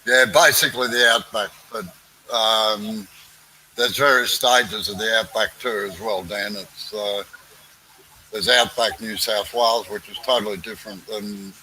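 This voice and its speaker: A man's voice: fairly low pitch, fairly even intonation, a little slow, bright, forceful tone, a little hiss or hum, poor audio. A man with an Australian accent in casual chat, talking in a laid-back drawl with blunt local slang.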